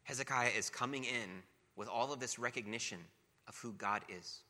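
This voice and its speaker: A man's voice: mid-range voice, moderate pace, bright, forceful tone. A man preaching a sermon, talking casually between passages of scripture that he reads aloud with emphasis. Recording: long reverb of a large hall.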